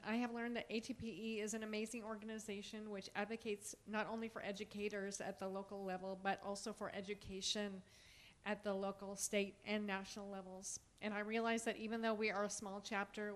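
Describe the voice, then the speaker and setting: A woman's voice: medium pitch, flat delivery. A middle-aged woman, a teacher giving an earnest prepared statement at a public forum. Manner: earnest, measured, reading a speech.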